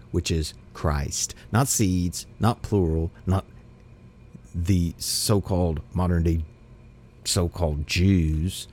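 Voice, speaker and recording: A man's voice: deep voice, mellow. A man teaching a Bible study, reading scripture aloud and commenting with emphatic repetitions and restarts.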